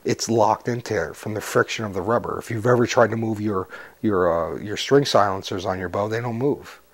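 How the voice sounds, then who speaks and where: Husky, lowish male founder, earnest persuasive pitch, faint guitar under. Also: a little fast. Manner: earnest, persuasive, asks rhetorical questions. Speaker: company founder. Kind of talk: promotional interview.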